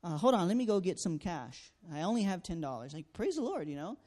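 A man tells a personal testimony in an earnest, storytelling manner. His voice sits a little high for a man. He acts out each exchange and leans on fillers as he goes. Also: big pitch swings, a little fast, darkish tone. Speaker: student canvasser sharing a testimony.

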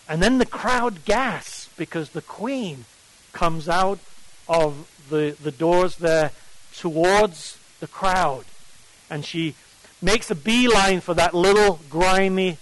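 A man's voice: on the high side, a little slow, fairly bright tone, rough recording. A man with an English accent preaching at a morning Bible study, emphatic and often putting questions to his listeners. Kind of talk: sermon.

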